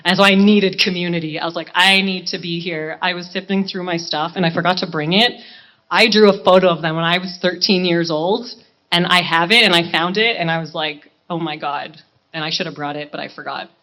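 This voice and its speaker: A woman's voice: fairly low pitch, a little fast, a bit bright. A woman in her thirties, a singer talking to a live audience between songs, gushing and laughing at herself in chatty banter. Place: live charity event stage. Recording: dull, muffled live recording.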